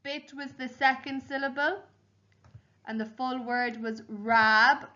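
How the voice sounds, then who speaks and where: Teacher lady spelling words out super slow for little kids, bit high voice, muffled lo-fi sound. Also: fairly even intonation, pushed and bright. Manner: slow, clear spelling-out of syllables and letters. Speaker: primary school teacher. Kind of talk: home learning phonics lesson.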